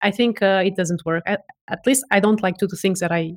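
Speaking as a voice expert in a casual interview, this woman guest is enthusiastic and often restarts sentences and repeats words. Her voice is medium-pitched with a darkish tone, and she talks briskly.

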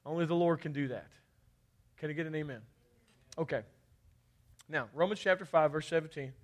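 A man's voice: on the high side, fairly quick. A man from Kentucky preaching a fervent sermon, often calling out for amens. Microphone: handheld or head mic.

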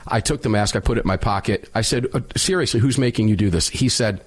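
Loud and emphatic despite a sinus infection, a middle-aged talk radio host tells a story. His voice is lowish, fast, and husky.

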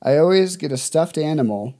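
Male Bible teacher, relaxed casual delivery, soft dark tone, chatty with fillers. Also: fairly high pitch, a little fast. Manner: conversational, loose fillers, reads scripture then explains.

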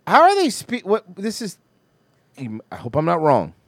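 A man's voice: high-pitched, wildly swooping pitch, a little slow, a crowd in the background. A man hosting a casual livestream, reacting animatedly and swearing freely. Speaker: livestream host.

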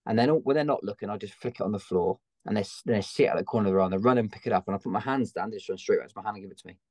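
A man's voice: fairly low pitch, racing, a little mellow, dry recording. An Englishman who trains gun dogs, a guest in a conversational interview, explaining his methods emphatically. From England.

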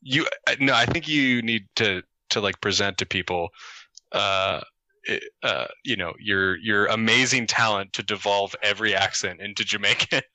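A man guesting on a casual chat show, his voice low in pitch yet sharply bright and forward. He speaks haltingly, starting and restarting through fillers. The sound is dry and close. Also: no room sound.

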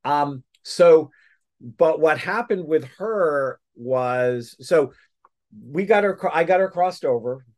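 A man's voice: on the high side, animated, slow pace. A man telling a story as a guest in a casual interview, rambling with many restarts.

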